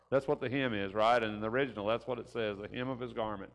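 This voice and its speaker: A man's voice: medium pitch, fast, hardly any pauses. Folksy man teaching in a reverberant room. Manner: folksy, keeps asking rhetorical tag questions. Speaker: Bible class teacher. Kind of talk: conversational Bible lesson. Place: church classroom.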